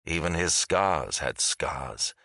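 A man with a very low yet bright, forceful voice narrates a fantasy audiobook in a measured, dramatic way. His pitch moves expressively through each sentence, and the recording is dry and close. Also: lively intonation, vocal fry, no room sound.

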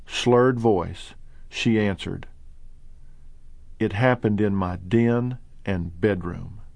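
A middle-aged man narrating his own book in an earnest, measured way that rises sharply when indignant. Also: medium pitch, a little mellow, no room sound. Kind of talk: audiobook narration.

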